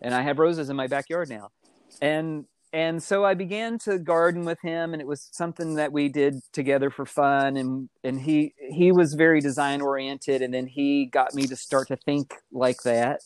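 A middle-aged man telling his life story in casual conversation, animated and acting out the voices he quotes. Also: moderate pace, clear, resonant tone, no echo. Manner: animated, acts out quoted voices with big pitch jumps.

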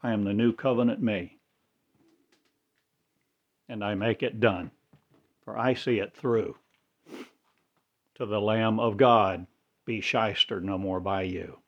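A man's voice: lowish voice, fairly even intonation, slow pace, pauses often, lo-fi sound. A man delivering a rambling religious monologue in cryptic, incantatory, broken phrases. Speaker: self-styled religious speaker.

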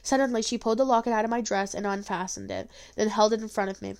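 A woman's voice: medium pitch, fast, few pauses, darkish tone. A woman narrating a storybook in an earnest first-person telling. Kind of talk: storybook reading.

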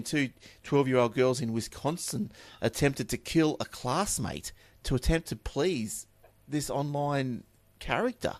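A man's voice: mid-range voice, dry recording. Chatty Australian man reading tech news. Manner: chatty, offhand asides and repeated words. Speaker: tech podcast host reading news stories. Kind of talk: casual chat and news reading.

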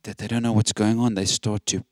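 A man with a lowish voice preaching an earnest, encouraging sermon. He leans on the scripture he quotes and stresses each line. The sound is close and dry, with no room around him. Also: flat delivery, a little fast, dry recording.

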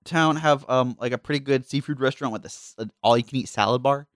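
A man's voice: medium pitch, quick pace, clean tone, no room sound, clean studio sound. A young man hosting a casual chat, telling travel stories in a rambling, teasing way. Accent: not New Zealand. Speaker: podcast host.

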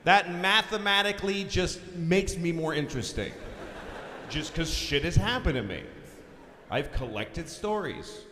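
A man's voice: fairly high pitch, a little slow, background noise. Profane ranting comic in his forties. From Boston. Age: 40s. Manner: ranting, profane, deadpan asides. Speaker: stand-up comedian. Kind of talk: live stand-up comedy. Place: large concert hall stage. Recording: live hall recording with long reverb and faint ambience.

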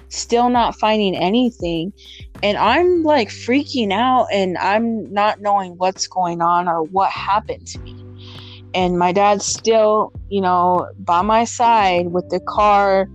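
Young woman recounting a scary hospital story, lots of "like" and restarts, faint music under it. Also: medium pitch. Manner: emotional, halting, many fillers and restarts. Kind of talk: personal storytelling in conversation.

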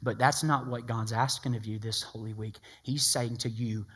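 A male pastor preaching a streamed sermon, telling a story with animated, excited delivery that drops to hushed intensity. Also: medium pitch, moderate pace, few pauses, slightly rough.

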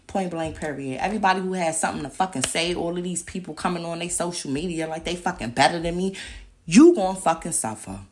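A woman's voice: fairly low pitch, a little mellow, slight background noise. A young woman hosting a podcast, ranting in a heated, profane and confrontational way and firing off repeated rhetorical questions. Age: young adult. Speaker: podcast host. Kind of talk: angry podcast rant.

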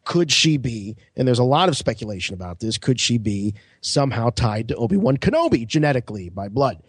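A man co-hosting a podcast, mid-pitched and speaking thoughtfully. He rambles through ideas with frequent fillers, and his voice sounds dry and close to the mic. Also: very animated, a little fast, breathy edge, no room sound. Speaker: podcast co-host. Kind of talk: casual podcast chat.

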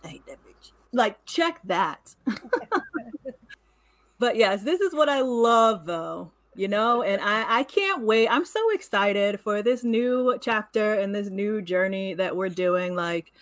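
A woman co-hosting a casual podcast, frank and emphatic in how she makes her points. Her voice sits in the middle of the female range and runs at an ordinary pitch. She talks in a reflective, open way. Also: lively intonation, slow pace. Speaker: podcast co-host.

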